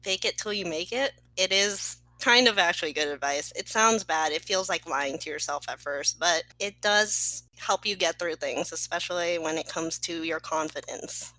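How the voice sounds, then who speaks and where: A woman co-hosting a casual podcast, lively, joking and encouraging. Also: lowish voice, moderate pace, few pauses, no echo, rough recording. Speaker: podcast co-host.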